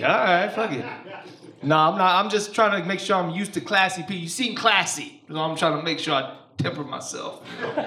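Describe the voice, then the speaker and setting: High, lively stand-up comic in a club. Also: male voice. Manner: loose, profane, playful crowd work. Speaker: stand-up comedian. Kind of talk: stand-up comedy set. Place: comedy club stage. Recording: roomy live club sound.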